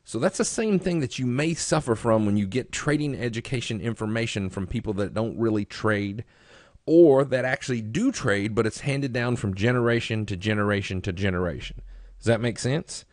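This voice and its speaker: A man's voice: medium pitch, lively intonation, moderate pace, darkish tone, no room sound, clean studio sound. A man teaching traders at a live seminar, telling stories and asking rhetorical questions. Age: adult. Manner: conversational storyteller, rhetorical questions. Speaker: trading educator. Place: room with a live audience.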